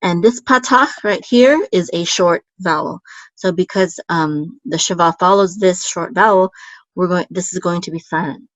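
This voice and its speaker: A woman's voice: lowish voice, moderate pace, no echo, rough recording. A woman teaching a word-by-word language lesson, sounding out syllables patiently, repeating them and correcting herself. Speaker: Hebrew teacher.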